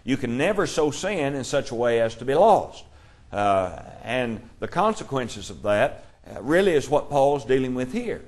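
A man teaching a Bible class, explaining scripture in a measured way and reading verses aloud. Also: mid-range voice, very animated, a little mellow.

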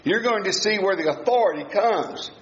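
A man's voice: high voice, animated, moderate pace. A man preaching a sermon at a Bible study, emphatic and given to repeating key phrases. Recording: echoey room, dull lo-fi sound.

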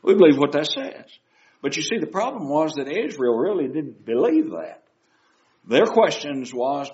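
A man's voice: fairly high pitch, sing-song, moderate pace, dark tone. An older man preaching a sermon in a church, talking in a conversational way and asking his listeners questions. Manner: conversational, asks the congregation questions, with frequent uh fillers. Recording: slightly dull lo-fi sound.

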